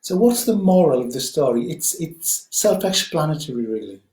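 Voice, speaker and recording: A man who teaches mindfulness, leading a guided meditation talk slowly and gently, with frequent ums. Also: a little high, very animated, reverberant, rough recording.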